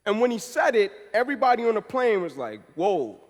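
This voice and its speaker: A man in his thirties giving a passionate motivational speech, telling his story and building to forceful, emphatic peaks. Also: very high-pitched, big pitch swings, quick pace. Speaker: motivational speaker. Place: event hall. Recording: speech in a reverberant hall.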